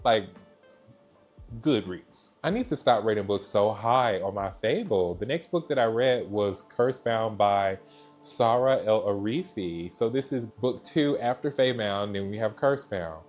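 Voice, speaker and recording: A young man from Georgia in the US reviews books he has read in a casual chat, gushing and frequently saying "so yeah." His voice is lowish, darkish, and expressive, with a measured pace over soft background music.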